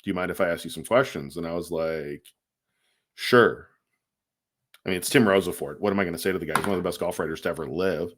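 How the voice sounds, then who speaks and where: A man with a very deep voice co-hosts a casual podcast. He tells a long anecdote in a loose, chatty way, acting out the quoted lines and filling pauses with ums and likes. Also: background noise. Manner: animated storyteller, acts out quotes, many fillers. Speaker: podcast co-host. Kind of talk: casual storytelling.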